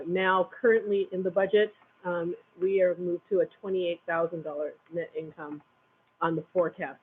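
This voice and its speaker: High, husky man reading a budget report. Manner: halting, with frequent pauses between figures. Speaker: finance report presenter at a school board meeting. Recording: tinny phone-like meeting recording.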